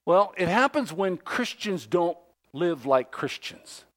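A man preaching a sermon with a high, lively voice that leaps up and drops low. He takes his time, lingers on words, and acts out the voices he quotes. He goes from loud bursts to near-whispered asides. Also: takes it slowly. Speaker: pastor.

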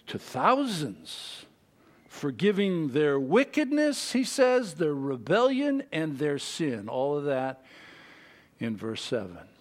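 Guy preaching a sermon, slow and emphatic, kinda high voice, goes big then drops way down. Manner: slow, emphatic preaching with wide swings in pitch and loudness.

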